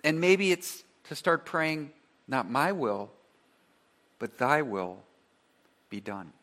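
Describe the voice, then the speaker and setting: A man delivers a sermon from the pulpit in a slightly raised pitch. He builds through emphatic repetition, then falls quiet on the key line. He leads the listeners in saying phrases back to him. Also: sing-song, slow. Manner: earnest preaching, rising to emphatic repetition then dropping soft; leads the congregation in call-and-response. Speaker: pastor.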